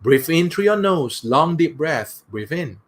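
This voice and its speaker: A man, a workshop speaker leading a guided breathing exercise in a slow, soothing way, often saying "that's right". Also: on the high side, sing-song, a little hiss or hum.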